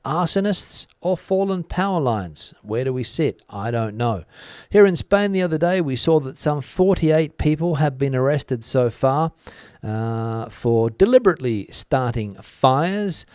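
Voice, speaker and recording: A man hosting a news channel from Spain, reading out viewer comments and musing on them in a relaxed way with many fillers. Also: medium pitch, measured pace, clean tone, no echo, clean studio sound. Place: lives in Spain.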